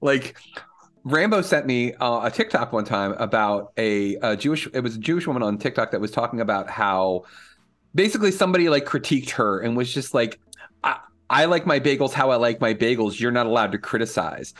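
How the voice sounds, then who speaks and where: A man chatting as a podcast guest, telling animated, profane stories. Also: mid-range voice, brisk, faint music behind. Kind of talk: casual chat.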